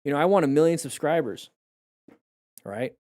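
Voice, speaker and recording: A man who coaches motorcycle riding, his voice going hoarse, talks in a reflective, rambling way with viewers on a live stream, often restarting his sentences. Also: a little high, expressive, normal speed, warm tone, no room sound, studio quality.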